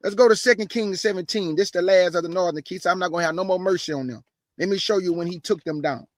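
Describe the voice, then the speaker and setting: A man with a high, light voice preaching hard, blunt and combative, in plain street talk. He pushes up into forceful emphasis and then reads scripture aloud. The sound is close and dry, with no room around it. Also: fast, no room sound. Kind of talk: fiery sermon with scripture reading.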